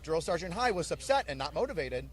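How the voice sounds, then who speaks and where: Animated drill sergeant man telling stories. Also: a little high, fast. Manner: animated, blunt, joking storyteller. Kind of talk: storytelling in an interview.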